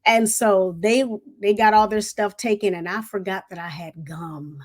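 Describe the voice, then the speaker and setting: A middle-aged woman, a retired Air Force veteran, telling a lively, folksy story in an interview and talking straight to the audience. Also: medium pitch, moderate pace.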